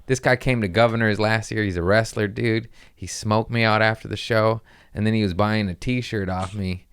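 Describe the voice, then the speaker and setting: A man hosting a casual comedy podcast, talking in a rambling, profane, excitable way. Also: on the low side, normal speed, clear, resonant tone, no echo, clean studio sound.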